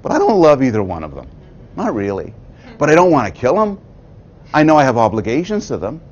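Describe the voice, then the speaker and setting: A man delivers a thoughtful prepared talk, his pitch rising and falling in lively swings. He drops in dry, wry asides along the way. The recording sounds a little dull and lo-fi. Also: fairly quick. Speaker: public lecturer.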